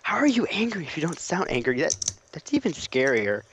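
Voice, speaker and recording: A man's voice: on the high side, very animated, brisk, background noise. A man doing casual gaming commentary as co-host, joking and teasing his partner. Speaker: co-host gamer.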